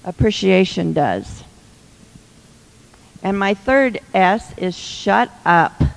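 Woman, advice speaker, slow and chatty with a teasing edge, hall reverb. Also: medium pitch, animated, vocal fry. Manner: chatty, laughing, teasing asides. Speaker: speaker giving marriage advice to women. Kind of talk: humorous advice talk to a live audience.

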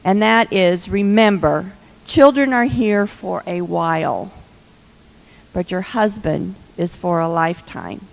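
Talking slowly at a medium pitch, a woman in a reverberant hall offers marriage advice to women in a humorous live talk. She keeps it chatty, laughing and dropping teasing asides.

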